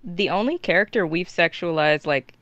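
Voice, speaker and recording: A man's voice: high voice, lively intonation, moderate pace, bright, forceful tone, no room sound, highs cut off. A man co-hosting a gaming podcast, wry and matter-of-fact in casual chat. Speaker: podcast co-host.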